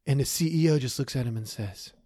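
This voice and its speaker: A man's voice: medium pitch, fast, warm tone, no room sound. A man co-hosting a podcast, telling a long story casually, with many fillers and restarts. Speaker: podcast co-host.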